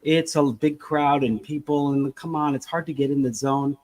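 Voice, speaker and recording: A man's voice: a little high, steady tone, moderate pace, a little mellow, slight background noise, rough recording. A man co-hosting a casual podcast who rambles and acts out little scenes as he talks. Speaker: podcast co-host.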